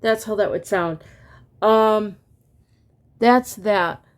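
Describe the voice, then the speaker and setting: A woman's voice: medium pitch, drawn-out words. A woman teaching a casual online music lesson, singing solfege syllables and chatting with fillers and laughs.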